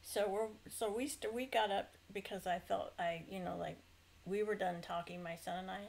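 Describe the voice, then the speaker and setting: Chatty middle-aged woman with a gravelly voice. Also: mid-range voice, steady tone, normal speed, darkish tone, rough recording. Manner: rambling, chatty, frequent self-corrections and fillers. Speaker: speaker recounting a dream. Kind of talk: casual personal testimony.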